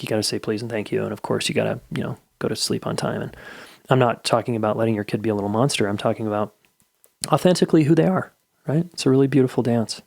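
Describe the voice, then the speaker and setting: A man's voice: medium pitch, gravelly, a little mellow, no room sound, clean studio sound. A middle-aged man hosting a podcast, giving candid, blunt advice in a casual solo monologue and swearing freely. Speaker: podcast host.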